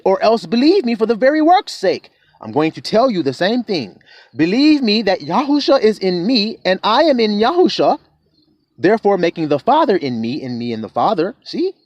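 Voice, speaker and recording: A man preaching a sermon, reading scripture aloud and breaking in to explain it. He keeps asking his listeners whether they see his point and slows down when he reads the verses. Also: high voice, a little mellow, dry recording. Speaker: self-styled preacher.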